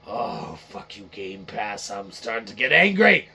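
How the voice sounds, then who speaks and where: A man's voice: fairly low pitch, sing-song, measured pace, creaky, hardly any pauses, pushed and bright. A man hosting a podcast, ranting casually about a video game in a rambling, profane, repetitive way. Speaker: podcast host. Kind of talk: casual game-review rant.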